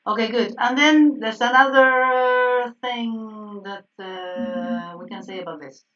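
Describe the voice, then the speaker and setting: A woman's voice: fairly high pitch, slow pace. A woman teaching a piano harmony class online, checking in constantly with "yes?" and correcting herself. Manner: animated, frequent "yes?" checks and self-corrections. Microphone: video call. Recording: distant, dull video-call audio.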